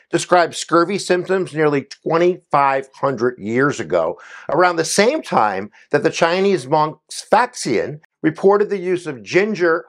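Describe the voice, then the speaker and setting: A man giving a quick history explainer in an energetic, jokey way, with playful asides to his viewers. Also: on the high side. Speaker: history educator.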